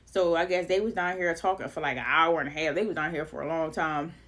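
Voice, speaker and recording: A woman's voice: deep voice, steady tone, fast, fairly bright tone. A woman vlogger telling a dramatic story in a casual, chatty way with loose slang.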